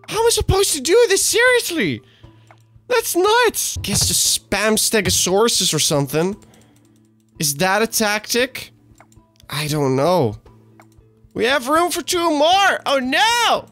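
A young man commentating gameplay, excitable, cursing freely and swinging between shouts and mutters. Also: very high-pitched, no room sound. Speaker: gaming YouTuber.

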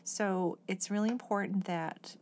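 A woman's voice: mid-range voice, steady tone, unhurried, a little mellow, slight background noise. A middle-aged woman giving a patient, explanatory oboe lesson, sometimes singing short example phrases. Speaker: oboe teacher. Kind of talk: instructional music lesson.

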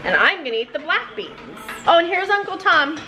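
Chatty, proud vlogger mom. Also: female voice, very high voice, big pitch swings, a little fast, bright, forceful tone. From Seattle area, USA. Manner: chatty, proud, laughing often. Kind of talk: casual family vlog chat.

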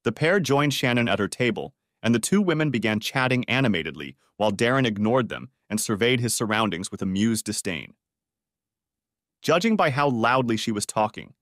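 A man narrating a scripted audiobook story with a lively storytelling delivery. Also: on the low side, no echo, clean studio sound.

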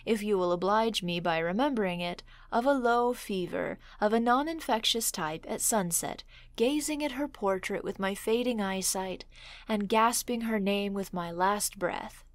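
A woman's voice: mid-range voice, moderate pace, no echo, natural voice. A woman voicing a petulant, timid young male suitor in a storybook reading, pleading and fussy. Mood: irritable.

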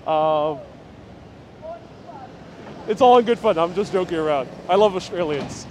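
Hosting a live walking tour outdoors and through a busy city station, a man jokes and chats as he reads out and reacts to viewer comments. His high, darkish voice comes at a measured pace with frequent pauses, recorded on a handheld phone on a gimbal with a little hiss or hum.

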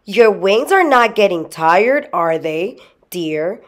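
A woman voicing a calm, reassuring tiny husband and father in a storybook reading, speaking firmly. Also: mid-range voice, slow pace. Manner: firm, reassuring.

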